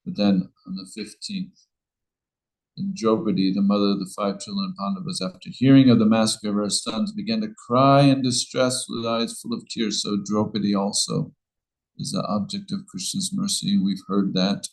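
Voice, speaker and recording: A man's voice: fairly low pitch, level tone, moderate pace, rough recording. A man giving an informal scripture class, telling a story in a rambling way with many restarts.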